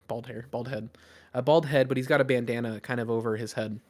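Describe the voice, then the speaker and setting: A man's voice: medium pitch, steady tone, fairly quick. A man narrating as game master in a casual, rambling way with many fillers.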